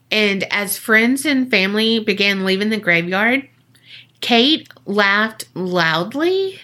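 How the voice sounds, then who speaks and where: A podcast host, a woman with a medium-pitched, bright and forward voice, tells a creepy tale in casual storytelling chat. Her talk is loose, profane and joking, delivered at an unhurried pace and sprinkled with "like."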